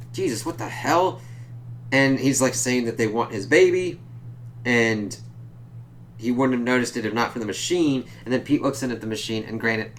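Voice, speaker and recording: A man's voice: fairly bright tone, slight background noise. Casual, cursing man recapping a comic. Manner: loose and profane, jumps higher when quoting characters. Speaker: comic book reviewer.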